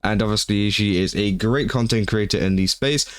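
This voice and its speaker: A man giving casual reaction commentary on a clip, relaxed and filler-heavy, slipping in "bro" and "uh" as he talks. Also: fairly low pitch, moderate pace, clear, resonant tone, no room sound, studio quality. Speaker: commentary YouTuber.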